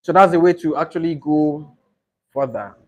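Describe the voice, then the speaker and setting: A man coaches students for an English speaking exam. His voice sits a touch high, and he explains slowly, saying each model answer aloud several times. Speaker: IELTS tutor. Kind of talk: teaching English exam preparation.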